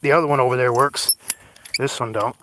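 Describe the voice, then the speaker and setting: A man's voice: medium pitch, fairly even intonation, brisk, sharp tone, a little hiss or hum. Profane rambling man on a late-night phone stream. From Oklahoma, US. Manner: profane, rambling, self-deprecating, talks to viewers. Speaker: livestream vlogger. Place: outdoors at night, cemetery. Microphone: handheld phone.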